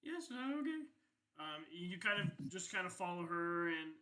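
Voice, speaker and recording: Ein junger Mann, der als Spielleiter locker und ausschweifend eine Tischrollenspiel-Szene erzählt, mit vielen Füllwörtern und Flüchen. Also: male voice, high voice, expressive, normal speed, bright, forceful tone, rough recording. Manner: casual, rambling with many fillers and profanity. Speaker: game master. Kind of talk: narrating a tabletop game.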